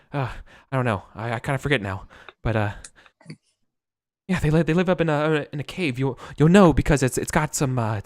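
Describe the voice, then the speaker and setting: A man's voice: medium pitch, no room sound, studio quality, pitched above the performer's own voice, close to an everyday voice. A man voicing a worried halfling who looks after children, rambling and stammering.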